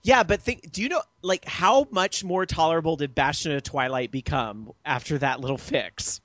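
A man's voice: on the high side, normal speed, a bit bright, no echo. A man hosting a casual gaming chat, teasing the others and moving the talk along. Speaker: podcast host. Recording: dry, slightly dull lo-fi audio.

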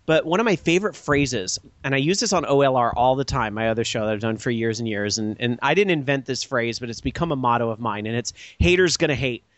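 A man's voice: mid-range voice, fast, hardly any pauses, dry recording. An American man hosting a podcast, chatting casually with a jokey manner and frequent laughs. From United States. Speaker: podcast host.

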